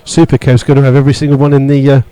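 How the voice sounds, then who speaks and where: Mellow-voiced man calling live football. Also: racing, clear, resonant tone, low-quality recording. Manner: steady play-by-play with many fillers, rising in pitch when indignant. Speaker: radio football commentator. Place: stadium stand among fans.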